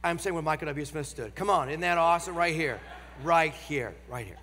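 Nasal man with a Northern American accent preaching in a large church; emphatic, slows on key lines, bright edge, reverberant hall. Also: fairly high pitch. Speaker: guest preacher. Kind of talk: sermon.

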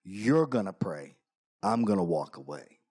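A man voicing a huge, gruff, tattooed biker who speaks in short, curt commands, dropping his voice well below his own. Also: deep voice, sing-song, measured pace, a little mellow, pitched below the performer's own voice, full character voice. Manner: terse, clipped commands.

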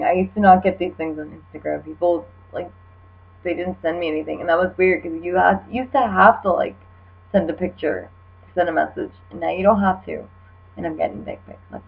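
A woman's voice: lowish voice, creaky, slightly rough. A young woman, slightly tipsy, giving casual comedic commentary in a rambling, filler-heavy, wry way. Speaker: video creator. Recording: dull lo-fi recording with mains hum.

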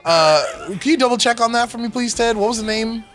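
A man's voice: extremely high pitch, fairly quick, a bit bright, soft background music. A man co-hosting a let's play, teasing his friend and joking in casual banter. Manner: teasing, playful and jokey. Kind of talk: casual banter over gameplay.

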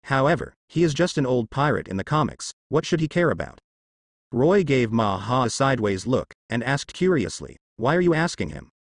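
Man, audiobook narrator, lively pitch, dry close sound. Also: moderate pace, no echo. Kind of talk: audiobook narration of translated fan fiction.

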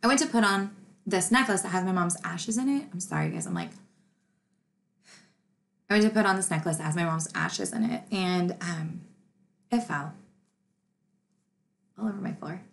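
A woman's voice: lowish voice, big pitch swings, moderate pace, pauses often. A woman YouTuber in her thirties talking emotionally to her viewers, laughing through grief. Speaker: true crime YouTuber. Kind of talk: personal vlog talk to camera.

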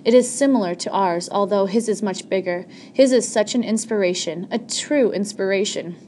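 A woman's voice: medium pitch, moderate pace, a little mellow, a little hiss or hum, lightly acted. A woman reading an audiobook, voicing a stern, prim schoolmistress who lectures the children.

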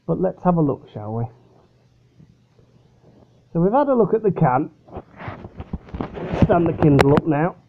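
A man's voice: fairly high pitch, very animated, unhurried, vocal fry, long pauses, a little hiss or hum. A young man casually reviewing a beer at home, rambling and chatty and often correcting himself. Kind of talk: casual product review vlog. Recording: tinny phone-like recording.

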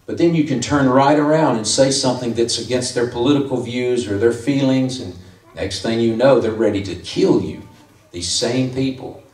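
A man's voice: mid-range voice, moderate pace, a little mellow. A man preaching a conversational sermon as pastor, lifting his voice to stress key points. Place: church sanctuary. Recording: echoey room from far off.

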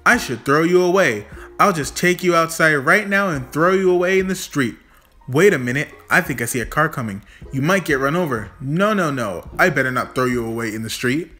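A man's voice: a little high, animated, a little fast, bright, forceful tone, soft background music. A man reading a storybook aloud, voicing a fussy old man who frets and talks to himself. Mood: fretful. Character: fussy old man, fond of his hat.

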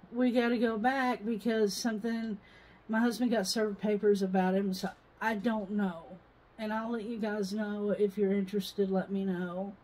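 Chatty woman, slow homey vlog. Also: fairly high pitch, darkish tone, poor audio. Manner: chatty, rambling storytelling with frequent laughs. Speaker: vlogger. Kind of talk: casual home vlog while doing a project. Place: mobile home, indoors.

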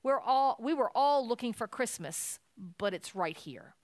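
A woman's voice: fairly high pitch, animated, a little slow, no room sound. A woman reading as a lonely, grateful boy. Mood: earnest.

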